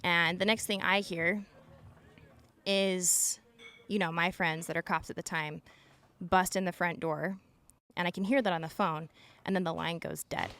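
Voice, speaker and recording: Speaking at a measured pace with frequent pauses, a Utah woman in her thirties tells a tense personal story on a podcast, sprinkling in lots of "like." She used to work as an emergency dispatcher and sounds earnest throughout. Her pitch is fairly low, her tone steady and a bit bright.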